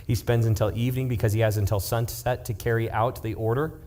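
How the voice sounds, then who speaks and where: A man's voice: medium pitch, fast. Young male youth pastor, conversational sermon storyteller, mid-range voice. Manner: casual, animated retelling with acted-out quotes and sudden hushed asides.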